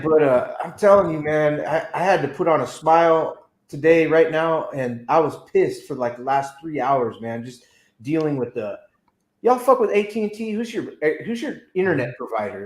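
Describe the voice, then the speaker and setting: Guy on a livestream cussing thru a story, kinda high voice, echoey room. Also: normal speed. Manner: profane, animated storytelling with put-on voices. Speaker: co-host. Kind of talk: casual livestream chat.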